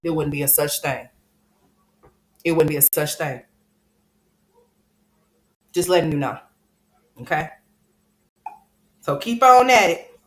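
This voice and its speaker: A woman's voice: deep voice, animated, takes it slowly, long pauses. A woman hosting a livestream commentary show. She talks bluntly and profanely, scolding the person she is discussing. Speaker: commentary channel host.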